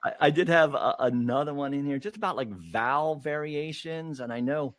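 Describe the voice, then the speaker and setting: A man's voice: a little high, moderate pace, fairly bright tone, no room sound. A man hosting a casual interview, chatty with plenty of fillers and easy laughter. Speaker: podcast host.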